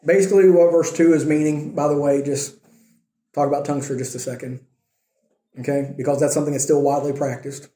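A man's voice: a little high, fairly even intonation, fairly quick, dark tone, roomy sound. A male pastor preaching a sermon in a conversational way, reading verses and checking in with his listeners.

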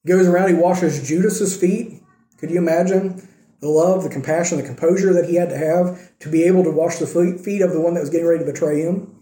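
A man's voice: fairly high pitch, fairly even intonation, brisk, dark tone. A man preaching a sermon in a conversational way, acting out the quoted lines as he tells the story. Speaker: pastor. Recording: echoey room.

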